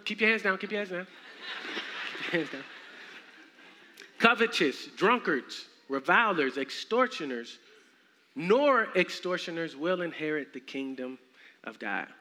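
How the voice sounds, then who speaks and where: A young man preaching a sermon in a church, animated and humorous with casual slang. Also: sits high. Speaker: minister. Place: church sanctuary. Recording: echoey hall, faint noise.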